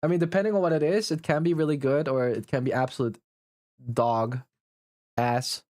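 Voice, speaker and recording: A man's voice: on the high side, very fast, darkish tone, no echo, clean studio sound. A man streaming live, ranting and complaining with lots of swearing and frequent laughs at himself. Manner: profane, ranting, exasperated complaining; laughs often at his own rant. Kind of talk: casual livestream chat.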